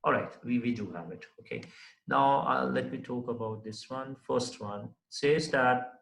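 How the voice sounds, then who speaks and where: A man gives a lecture at a slow, unhurried pace. He explains carefully and keeps checking "right?" as he goes. His voice sits in a medium register, and the room has a noticeable echo. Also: mid-range voice, gravelly, fairly bright tone. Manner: explains with many fillers and repeated checks of "right?"; writes on the board while talking. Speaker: teacher. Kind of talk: recorded classroom lecture.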